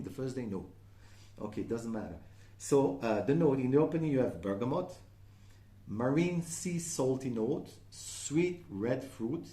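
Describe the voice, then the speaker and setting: A man's voice: mid-range voice, mellow, reverberant. A man with a French accent, a native French speaker, chatting casually in a perfume review and often checking in with "okay?". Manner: chatty, frequent "okay?" and "uh" fillers.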